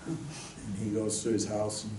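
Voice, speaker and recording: A man giving a spiritual talk, telling a story in a lively, jokey way. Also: lowish voice, moderate pace, slight background noise. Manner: lively, jokey storyteller who laughs at his own jokes. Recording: roomy, distant mic, faint ambience.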